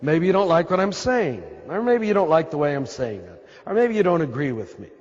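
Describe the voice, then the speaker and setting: A throaty American man preaching as a priest, his voice sitting a little high for a man. He is emphatic, circles back on his points and talks straight to the crowd. The sound is dull and lo-fi and rings with a long hall reverb. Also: sing-song, a little fast. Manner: emphatic and repetitive, speaks straight to the listeners. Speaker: Catholic priest. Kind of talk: spiritual talk to a live audience. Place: large hall with an audience.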